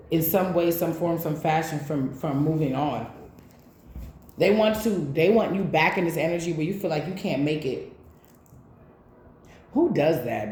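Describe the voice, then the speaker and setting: A woman's voice: sits low, a little mellow. A woman giving a casual tarot reading, speaking bluntly with plenty of swearing, straight to her viewers. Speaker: tarot reader. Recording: echoey room.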